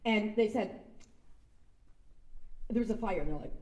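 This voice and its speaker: A woman's voice: mid-range voice, measured pace, pauses often, a little mellow, recorded from a distance. Chatty woman speaking in an echoey room. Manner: chatty, self-deprecating, acts out quotes. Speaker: guest speaker. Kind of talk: casual anecdotal speech. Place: sound stage event space.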